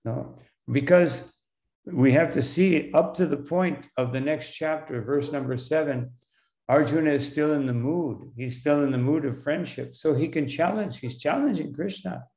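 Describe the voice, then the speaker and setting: A man, a monk, lecturing on scripture in a halting way, with many fillers and "no?" tags, slowing down for Sanskrit terms. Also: a little high, a little mellow, roomy sound. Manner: slows for Sanskrit terms and quotes.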